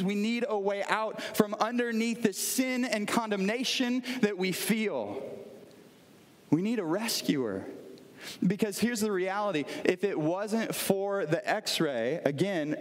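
A man with a fairly high voice delivers a sermon. He keeps it conversational and tells everyday stories. He often stops to put questions to the congregation, and his voice rings with the long reverb of a large hall. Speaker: pastor.

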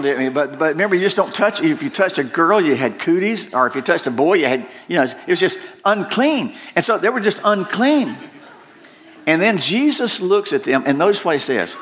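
A man's voice: on the high side, a bit bright. Folksy preacher man. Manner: folksy and joking, rambling with many restarts. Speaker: pastor. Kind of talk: sermon.

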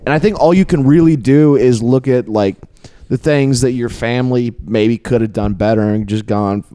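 Relaxed man musing in casual chat. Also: mid-range voice, moderate pace, smooth, no room sound. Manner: relaxed, reflective, frequent short agreements.

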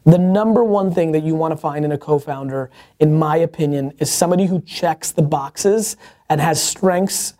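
A man's voice: on the high side, moderate pace, mellow. A man hosting a show, answering viewer questions in casual advice talk, firing off emphatic rhetorical questions and correcting himself as he goes. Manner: stumbles and corrects himself mid-sentence.

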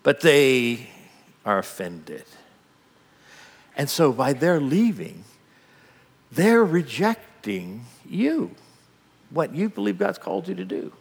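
A man preaching a sermon in a dramatic, animated way, acting out the scene as he goes. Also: a little high, takes it slowly, creaky, pauses often, slightly rough, long reverb tail. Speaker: pastor.

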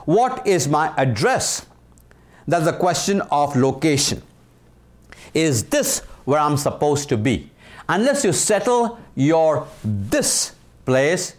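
A man's voice: on the high side, darkish tone. Emphatic Indian man in his sixties. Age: 60s. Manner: emphatic, repeats key phrases, slows down for punch lines. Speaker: leadership speaker. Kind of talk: motivational talk.

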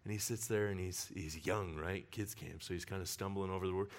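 A male pastor preaching a sermon with personal stories, telling them in an animated way and laughing often. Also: low voice, brisk. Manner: animated storyteller who laughs often while talking.

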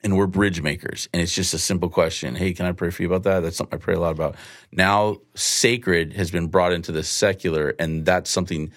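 Low-voiced man telling a story. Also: brisk, no echo, studio quality. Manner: animated, acts out dialogue in quotes. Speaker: guest speaker on evangelism. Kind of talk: storytelling, teaching.

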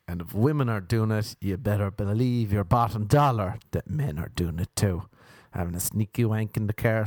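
A man's voice: medium pitch, creaky, no room sound, clean studio sound. A man from Ireland with an Irish accent, hosting a solo comedy podcast, rambling through crude jokes and swearing. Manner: crude, swearing, jokey tangents and wordplay. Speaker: podcast host. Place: indoors at home by a window.

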